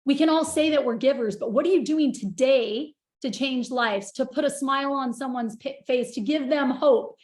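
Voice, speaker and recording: A woman's voice: high-pitched, moderate pace, few pauses, darkish tone, reverberant. A woman on a group video call, speaking passionately and getting emotional as she praises the others. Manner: gushing, passionate, wells up with emotion. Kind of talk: emotional casual sharing.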